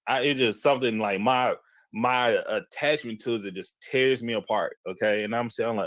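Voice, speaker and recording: A man, telling a personal story in casual talk, animated and repeating himself as he goes. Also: on the low side, moderate pace, no room sound. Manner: animated, repeats himself, jumps into quoted voices. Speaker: podcast host telling a story.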